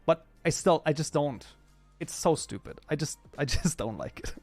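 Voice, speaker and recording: A man's voice: on the high side, expressive, moderate pace, a little mellow, faint music behind. A young man with a German accent, hosting a livestream in a loose, casual chat that is full of swearing and laughter. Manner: talkative, swears freely, laughs often. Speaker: livestream host.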